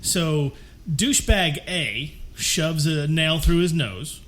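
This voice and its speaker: A man riffing in a casual podcast chat, his voice sitting high and swooping all over as he rants. He keeps breaking into mock voices to mimic the people he is complaining about. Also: slow pace. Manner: animated ranting, acts out characters in funny voices. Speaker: podcast co-host. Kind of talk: casual movie-review chat.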